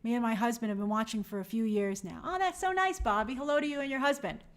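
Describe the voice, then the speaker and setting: A woman hosting a live stream from her home in New York, reading viewer comments aloud and giving friendly shout-outs in a chatty, apologetic way. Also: on the high side, fast talker.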